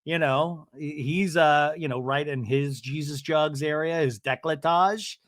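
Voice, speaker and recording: A man's voice: a little high, a little slow, a bit bright, no room sound, studio quality. A man hosting a podcast, giving a casual, rambling TV recap full of crude jokes. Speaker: podcast host.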